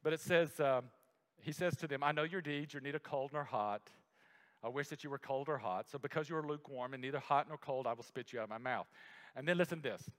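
A man preaching a sermon, swinging from loud emphasis to a hushed near-whisper and slowing down to stress key words. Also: mid-range voice. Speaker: pastor. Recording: long hall reverb.

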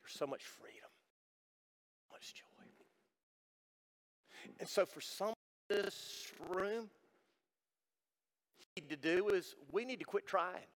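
A middle-aged man preaching a sermon to his congregation, swinging from loud emphatic lines to hushed, almost whispered ones. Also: sits high, slow, pauses often, big-room sound, a little hiss or hum. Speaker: pastor. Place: church service.

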